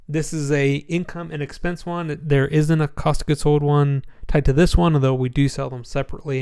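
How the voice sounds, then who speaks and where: A man giving a casual screen-share walkthrough of a spreadsheet template, sleepy and yawning, relaxed and rambling with many ums. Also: mid-range voice, clean tone.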